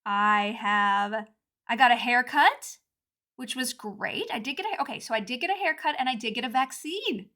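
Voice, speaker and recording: Brief: bubbly woman in her thirties, high voice, hosting a casual solo podcast with self-deprecating chatter, recorded at home. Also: animated, moderate pace, bright, forceful tone. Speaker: podcast host. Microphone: home recording, not in booth.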